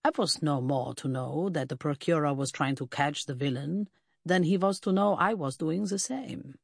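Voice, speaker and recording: A reader voicing an arrogant Prussian prince with a German accent, drawling and sneering. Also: male voice, fairly high pitch, moderate pace, gravelly, dry recording, studio quality. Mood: explaining.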